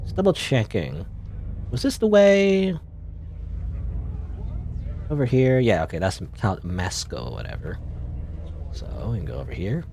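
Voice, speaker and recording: A man's voice: sits low, huge pitch swings, normal speed, vocal fry, a little mellow, a little hiss or hum. A man doing casual let's play commentary, rambling and hesitant, full of filler words, and reading the game's text aloud. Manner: reads game text aloud.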